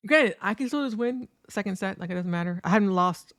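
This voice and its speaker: A woman giving excitable, profane commentary over footage of her own fighting game matches and talking straight to viewers. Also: medium pitch, fast talker, dry recording. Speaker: competitive fighting game player. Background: faint background music.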